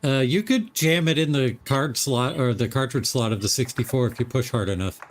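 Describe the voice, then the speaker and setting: A man chatting on a livestream in a relaxed, jokey way. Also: mid-range voice, fairly quick. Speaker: stream guest. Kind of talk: casual livestream chat.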